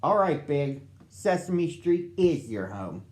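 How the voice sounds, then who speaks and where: A man's voice: a little high, big pitch swings, slow, a little mellow, echoey room. A man voicing a prim, officious woman social worker in a storybook reading.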